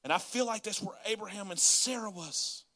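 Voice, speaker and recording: A man preaching a sermon as a pastor, folksy and conversational, rising to loud pleading. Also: sits high, normal speed. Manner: folksy Southern-style preaching, rising to yelling in acted prayers.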